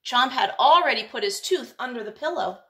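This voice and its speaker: A woman teacher reading a picture book aloud, in an expressive, lilting storytelling manner. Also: a little high, moderate pace, a little hiss or hum.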